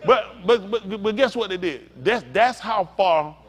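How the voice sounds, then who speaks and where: Man, pastor, sermon, conversational storytelling, high pitch. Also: a little slow. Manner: conversational storytelling, addresses congregation directly. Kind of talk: sermon teaching.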